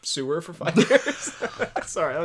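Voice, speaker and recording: A man's voice: fairly high pitch, very animated, unhurried, slight background noise. A young man hosting a podcast in casual chat, rambling, laughing often and poking fun at himself. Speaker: podcast host.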